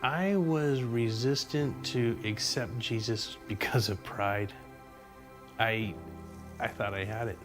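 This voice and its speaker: A man sharing his personal testimony of faith in a reflective, halting way, restarting his sentences now and then. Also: medium pitch. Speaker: church member giving testimony. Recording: music bed under the voice.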